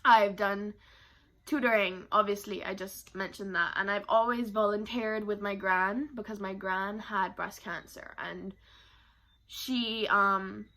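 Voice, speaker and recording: A woman's voice: medium pitch, steady tone, a little slow, fairly bright tone. A young woman from Barbados, talking candidly to camera about her life in a rambling, emotional way. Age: young adult. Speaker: vlogger. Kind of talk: personal talk to camera.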